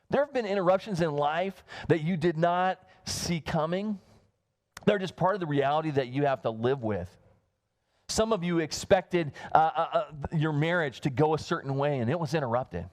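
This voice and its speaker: A man's voice: on the high side, animated, normal speed. A male pastor in his thirties giving a casual, conversational sermon, full of fillers and restarts. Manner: rambling and self-interrupting, with many fillers and restarts. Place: church livestream.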